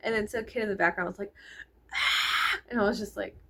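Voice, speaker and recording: A woman's voice: mid-range voice, fairly even intonation, very fast, creaky, rough recording. A woman chatting casually and rambling in a vlog from her bedroom, filmed with the camera's own microphone. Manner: chatty, meandering, heavy use of "like", frequent laughs. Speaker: vlogger. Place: her bedroom, under a ceiling fan. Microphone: camera mic, no clip-on microphone.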